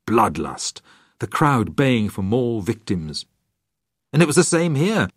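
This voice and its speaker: A man's voice: mid-range voice, no room sound. An older English man reading his own memoir aloud, dry and wry, acting out the dialogue. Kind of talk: scripted narration.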